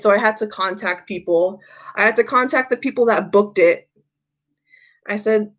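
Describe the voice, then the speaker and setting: A woman's voice: medium pitch, normal speed, pauses often, fairly bright tone. A woman hosting a tarot livestream, chatting casually and telling stories in a rambling way, often repeating herself. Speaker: tarot reader and livestream host.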